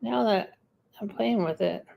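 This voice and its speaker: Slow, gravelly-voiced woman chatting casually. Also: medium pitch, warm tone. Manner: rambling, chatty, answers viewer comments. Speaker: livestream host. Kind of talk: casual live-stream chat.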